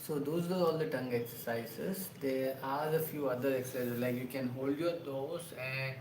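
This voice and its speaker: A man, an actor casually talking a livestream through voice exercises in loose, halting sentences full of restarts. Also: mid-range voice, background noise. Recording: roomy echo with faint ambience.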